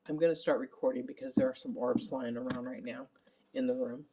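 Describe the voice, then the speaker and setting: A woman's voice: very deep voice, mellow, a little hiss or hum. A middle-aged woman caring for her father, giving a candid, rambling vlog update while exhausted. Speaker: family caregiver.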